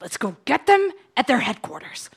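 A woman's voice: high voice, sing-song, normal speed, creaky, husky, full character voice. A woman playing a cocky, foul-mouthed young wannabe supervillain in a comedy audio drama. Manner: cocky, swearing constantly. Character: brash foul-mouthed young villain wannabe, gun-waving mugger.

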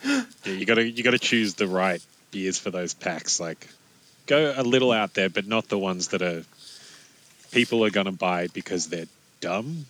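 Low-voiced man in relaxed chat. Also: moderate pace. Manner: relaxed, laughs while talking. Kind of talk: casual chat.

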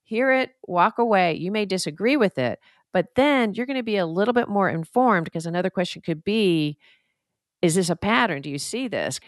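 A woman's voice: medium pitch, animated, normal speed, dry recording, clean studio sound. A woman therapist co-hosting a podcast, explaining in an earnest, reflective, conversational way. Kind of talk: casual conversational advice.

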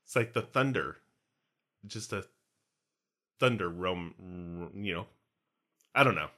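A man's voice: low voice, expressive, takes it slowly, pushed and bright. A man co-hosting a casual podcast, playful and jokey, slipping into hammy pirate bits. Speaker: podcast co-host. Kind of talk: casual chat.

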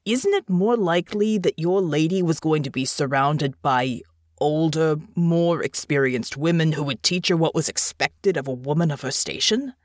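A woman voicing a gruff, weary male bear-morph army captain in an audiobook, blunt and exasperated. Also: deep voice, darkish tone, no room sound, clean studio sound, close to an everyday voice. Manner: blunt, exasperated, slow drawl. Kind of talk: audiobook character voice.

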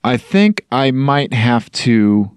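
A man's voice: mid-range voice, very animated, slow, smooth, no room sound, studio quality. A man co-hosting a podcast in casual chat, rambling and playful, often hesitating as he talks. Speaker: podcast co-host.

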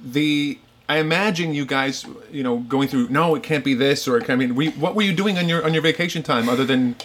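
A man's voice: a little high, fairly quick, a bit bright. A man hosting a casual interview, asking questions with a joking manner. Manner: jokey, acts out imagined voices. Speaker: podcast host.

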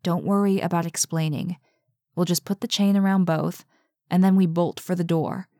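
A woman's voice: fairly low pitch, fairly even intonation, moderate pace, mellow, dry recording, clean studio sound, close to an everyday voice. A woman reading aloud, voicing a frightened but determined young woman who talks in an urgent, coaxing, tense way.

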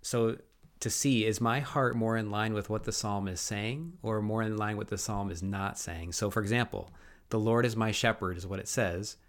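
Podcast co-host, male, lower register, earnest and reflective, restarts often. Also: steady tone, normal speed. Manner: earnest, thoughtful, frequent restarts. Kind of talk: reflective faith podcast talk.

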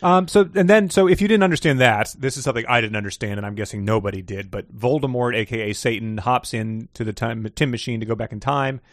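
Co-host, male, giggly, talks over a dry close mic, middle pitch. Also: quick pace, hardly any pauses, dry recording. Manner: giggly, reads passages aloud with mock drama. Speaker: podcast co-host. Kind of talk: casual comedic book discussion.

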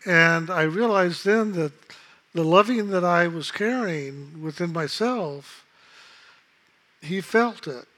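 A man calmly telling a personal story in a reflective, unhurried way, acting out the voices of others in it. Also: high voice. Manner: calm, unhurried, reflective, acts out quoted voices. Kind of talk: casual spoken storytelling.

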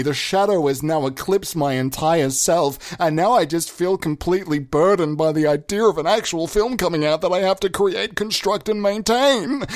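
A young man hosting a comedy podcast, improvising prank calls in a manic way that swings between loud outbursts and low mumbles. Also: moderate pace, hardly any pauses, no room sound, studio quality.

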